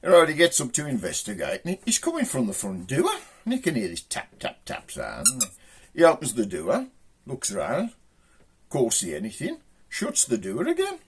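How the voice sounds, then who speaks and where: Lively Black Country man telling jokes. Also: moderate pace, slightly rough. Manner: lively storytelling, voices his characters with shouts and raised pitch. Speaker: joke teller.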